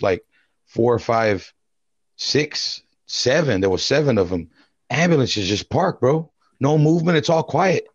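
A man's voice: lowish voice, darkish tone, no echo, dull audio. A man telling a story in casual chat, rambling and full of slang and swearing. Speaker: podcast co-host.

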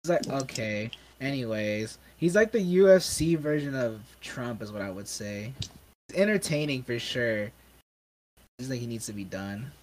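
A man's voice: medium pitch, animated, normal speed, a little hiss or hum, low-quality recording. A young American man hosting a casual podcast, rambling with many fillers and restarts. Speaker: podcast host.

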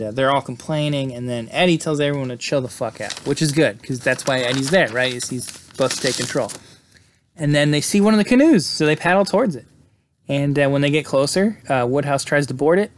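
A man's voice: medium pitch, slight background noise. A man giving a loose, profane, filler-heavy recap of a horror film, like a podcast host. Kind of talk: casual movie recap.

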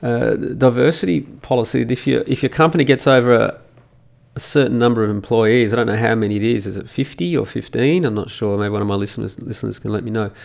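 A middle-aged Australian man hosts a solo podcast, ranting profanely into a studio microphone in a mocking, emphatic way. His medium-pitched voice is creaky with a darkish tone, and he talks at a quick pace.

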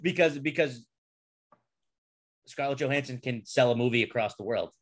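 A young adult man hosting a podcast in casual chat, animated and swearing, laughing between his points. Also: mid-range voice, fast talker. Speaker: podcast host.

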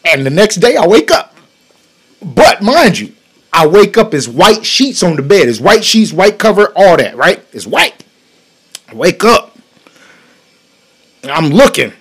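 A man hosting a podcast, telling a profane story in a casual, animated way, swinging from loud bursts to hushed asides. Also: sits high, breathy edge. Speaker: podcast host.

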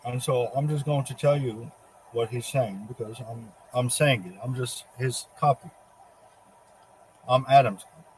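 A man tells a religious story in an earnest, loosely spoken way and at a mid pitch. Faint insect sounds can be heard around him. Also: measured pace, slight background noise, rough recording. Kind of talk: improvised religious monologue.

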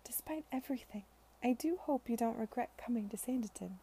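Kindly young wife, read by a woman, fond, slightly lifted voice with a little fry. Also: a little high, brisk, warm tone, a little hiss or hum, voice pushed up, lightly acted. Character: kind, affectionate young married woman.

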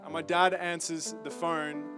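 A man with an Australian accent giving an earnest, halting personal testimony as a campus ministry speaker, his voice full of emotion. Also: a little high, flat delivery, music in the background.

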